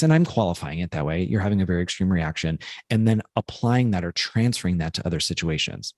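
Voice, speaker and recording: Low-voiced earnest man on a podcast. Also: lively intonation, fast, hardly any pauses, no room sound, clean studio sound. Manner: earnest, rambling with many fillers and asides. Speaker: podcast co-host. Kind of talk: casual reflective podcast chat.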